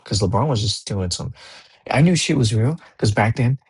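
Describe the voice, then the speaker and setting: A young man hosting a casual podcast, telling sports stories in a loose, profane, animated way. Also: medium pitch, moderate pace, slightly rough. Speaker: podcast host. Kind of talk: casual monologue.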